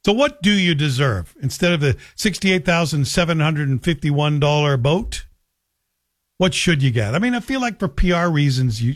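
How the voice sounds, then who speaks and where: A middle-aged man hosting a talk radio show in a chatty, joking monologue. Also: on the high side. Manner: chatty, joking, self-deprecating. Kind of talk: casual monologue.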